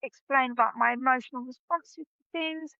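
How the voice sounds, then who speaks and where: A woman's voice: sits high, moderate pace, gravelly, bright, forceful tone, dry recording, muffled recording. A woman in casual podcast conversation, talking hesitantly and often restarting her sentences.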